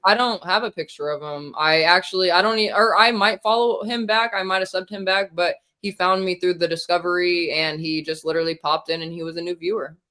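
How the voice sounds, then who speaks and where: Bright-voiced woman streamer chatting. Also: lowish voice, steady tone, brisk, few pauses. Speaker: streamer host. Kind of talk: casual stream chat.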